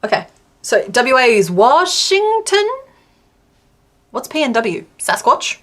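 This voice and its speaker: A woman's voice: fairly high pitch, big pitch swings, slow pace, a bit bright. An Australian woman chatting casually on a live stream while she crochets, answering her chat and laughing often.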